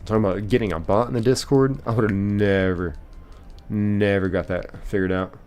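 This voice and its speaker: A man's voice: lowish voice, fairly even intonation, moderate pace, darkish tone, clear, resonant tone. A man streaming a game live, reading chat aloud and rambling casually with lots of fillers and restarts.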